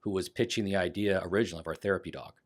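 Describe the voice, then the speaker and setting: A man in his fifties, a fire chief guest on a podcast, telling stories in a lively, animated way and acting out what others said. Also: low voice, racing. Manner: lively, animated storyteller who acts out quotes. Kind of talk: casual storytelling conversation.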